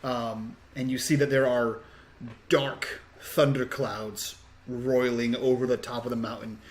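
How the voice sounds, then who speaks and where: A man running a tabletop game as game master, narrating in an unhurried way with many fillers. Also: medium pitch, flat delivery.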